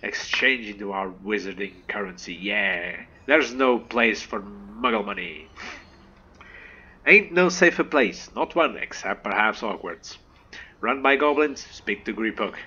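A man voicing Hagrid, a big gentle male half-giant groundskeeper, with a gruff Scottish accent. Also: on the low side, a little slow, highs cut off, heavily acted. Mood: friendly.

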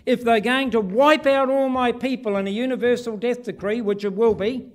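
A middle-aged man from New Zealand preaching a sermon in church, telling a story and acting out the voices with big swings in pitch and loudness. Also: fairly even intonation, normal speed. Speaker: pastor.

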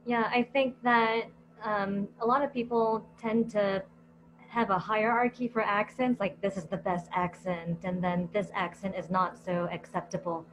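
A woman from the Philippines co-hosting a panel for English teachers, speaking in a thoughtful, measured way with fillers as she thinks. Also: medium pitch, steady tone, low-quality recording. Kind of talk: casual panel discussion. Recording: clear background hum.

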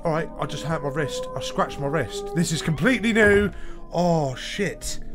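A man with a fairly high voice talks at a normal speed while playing a horror game for his gaming videos. He curses often and gasps and yells nervously, with faint game music audible.

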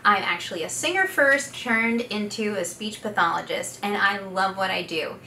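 A woman's voice: medium pitch, moderate pace, bright, forceful tone, a little hiss or hum. A woman speech pathologist and singer teaching vocal exercises, with patient step-by-step instruction and sung demonstration notes. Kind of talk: guided vocal exercise lesson. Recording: echoey room, voice a bit far from the mic.

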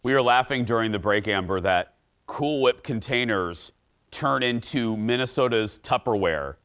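A man hosting a talk show, who introduces segments in a quick, upbeat way and chats casually with a guest. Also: mid-range voice, a bit bright, smooth. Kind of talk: casual chat.

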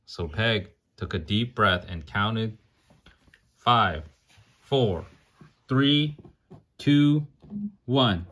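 A man's voice: on the low side, a bit bright. A man reading a picture book aloud to a child in a playful way, singing the rhymes and stopping to chat and ask questions. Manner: playful, sings the rhymes, chats and asks questions between pages.

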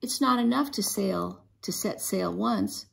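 A strict father scolding his daughter on the deck of a ship, sharp and raised, with a gravelly crackle in the voice, as a woman reads the part aloud from a storybook. The line comes out louder and higher than the storybook narration around it. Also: measured pace. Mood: stern scolding. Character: stern strict father, sailing captain.

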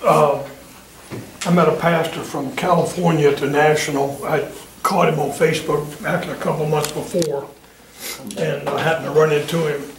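Higher-voiced man in an echoey church room. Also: flat delivery, slight background noise. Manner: plain, unhurried, with many "uh" pauses. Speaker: church member sharing a prayer request. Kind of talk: casual prayer-meeting talk. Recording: echoey room with people around.

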